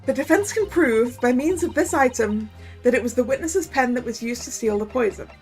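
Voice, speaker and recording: A woman voicing a young male defense attorney who speaks in formal, measured courtroom language. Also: a little high, animated, darkish tone, soft background music. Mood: determined.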